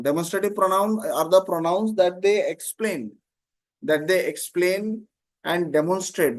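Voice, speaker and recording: High-voiced teacher. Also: male voice. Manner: explains slowly, repeats terms, often asks "Okay?". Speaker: online English teacher. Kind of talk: live online grammar class.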